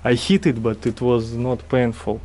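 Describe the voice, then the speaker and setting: A man's voice: mid-range voice, level tone, moderate pace, a little mellow. A man with a Russian accent, a native Russian speaker, giving a casual tour vlog in broken, chatty English with many fillers. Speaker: vlog host. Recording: noisy background.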